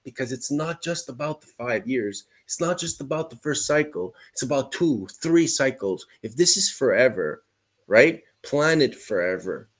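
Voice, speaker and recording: A man's voice: mid-range voice, lively intonation, normal speed. A man from Montreal co-hosting a crypto podcast, arguing emphatically and swearing often. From Montreal, Canada. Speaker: crypto show co-host. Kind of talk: heated podcast argument.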